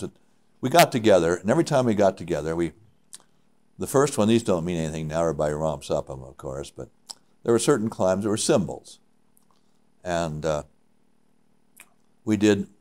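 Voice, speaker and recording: An older man, a mountaineer, telling stories from his climbs in an interview, animated and full of halting restarts. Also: low voice. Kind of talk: reminiscing interview.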